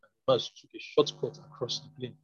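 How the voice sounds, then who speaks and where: Male scripture reader, mid-pitched, slightly husky, dull lo-fi sound. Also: steady tone, fast, dry recording. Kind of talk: Bible reading. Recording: dull lo-fi recording.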